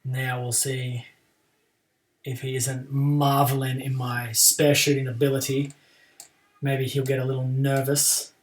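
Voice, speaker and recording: A man's voice: mid-range voice, little pitch movement, a little slow, distant mic. A man streaming a game live and chatting casually about his play, with playful trash talk toward his opponent.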